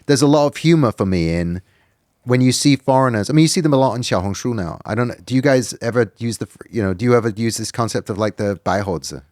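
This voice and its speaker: A middle-aged man, a documentary director, talking as a guest in a casual podcast conversation, wry and animated, swinging between loud asides and quiet musing. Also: mid-range voice, fast talker, dry recording, studio quality. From Britain.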